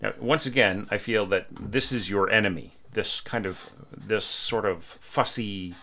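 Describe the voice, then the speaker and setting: Bright-voiced man critiquing a score. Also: fairly low pitch, measured pace. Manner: sings phrases aloud with da-da syllables; frequent rhetorical "right?" checks. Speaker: orchestration teacher reviewing a student's score.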